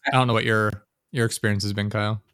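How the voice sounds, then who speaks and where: A man's voice: lowish voice, little pitch movement, fast talker, fairly bright tone, clear, resonant tone, dry recording, studio quality. A young man co-hosting a podcast, telling work stories in a loose, ranting way, swearing often and laughing as he talks. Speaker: podcast co-host. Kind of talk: casual chat.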